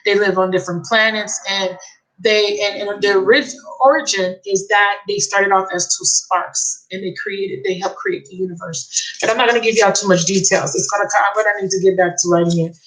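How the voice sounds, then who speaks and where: A woman giving a live tarot reading, excitable and emotional, repeating key phrases. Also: mid-range voice, a little fast, rough recording. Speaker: tarot reader.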